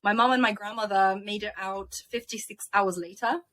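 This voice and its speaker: Young woman from ukraine, guest on an interview, bright sharp voice, emotional lively storytelling. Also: medium pitch. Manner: animated, emotional retelling with quick laughs.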